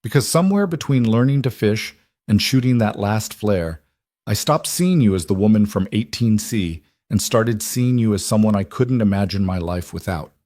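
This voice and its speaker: A man voicing a tender, guarded wealthy single father who speaks in an earnest, gentle, reassuring way. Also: on the low side, animated, normal speed, no echo, studio quality, close to an everyday voice.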